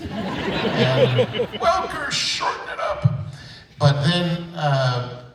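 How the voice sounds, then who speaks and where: Older guy rambling slow on a con panel, playful, way echoey hall and far from the mic. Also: high-pitched, huge pitch swings. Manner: rambling, self-deprecating, playful. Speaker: voice actor guest on a convention panel. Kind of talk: storytelling panel talk. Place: convention auditorium. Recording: echoey auditorium, distant mic.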